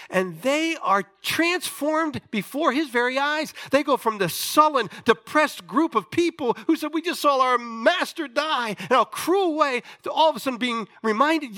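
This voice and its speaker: A man preaching a sermon, telling a story with animated delivery and questions to his listeners. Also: high voice, moderate pace. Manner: animated storytelling, acting out voices, asks the audience questions.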